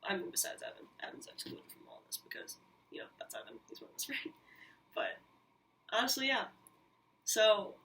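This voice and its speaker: A woman hosting her own podcast, telling a personal story in an animated, candid way, with frequent swearing and quick asides. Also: on the high side. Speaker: podcast host. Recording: mic a little distant, faint hiss.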